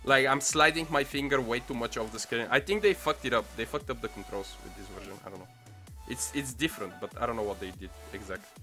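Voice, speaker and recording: Give me an excitable young man narrating his own gameplay, with a sharp bright voice and soft music in the background. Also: mid-range voice, fairly quick. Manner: excitable, swears often, mutters to himself. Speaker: gaming channel host. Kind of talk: casual mobile gameplay commentary. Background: faint music playlist.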